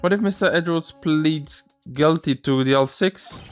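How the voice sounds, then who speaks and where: A man voicing an excitable young woman sidekick who rambles through questions, over faint game music. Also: on the high side, a little slow, lightly acted. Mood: eager.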